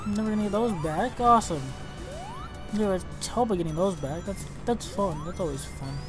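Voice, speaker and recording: A young man giving let's play commentary on a video game, excitable and reactive, often exclaiming and swearing. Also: sits high, normal speed. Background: game music.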